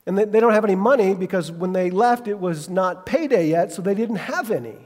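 High voiced pastor guy preaching, lively storytelling, echoey church sound. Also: fairly quick. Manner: animated storytelling, acts out quotes, asks listeners questions. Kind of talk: sermon.

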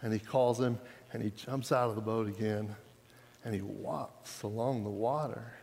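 Conversational preacher in a reverberant hall. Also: male voice, on the low side, steady tone, moderate pace, gravelly, darkish tone. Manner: storytelling, conversational, builds to fervent. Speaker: pastor. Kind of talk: sermon.

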